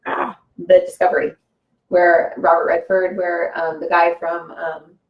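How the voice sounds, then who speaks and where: A woman's voice: lowish voice, flat delivery, unhurried, dull audio. A woman talking casually as a guest about spiritual ideas, rambling and filling her talk with "like" and "you know.". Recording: echoey room.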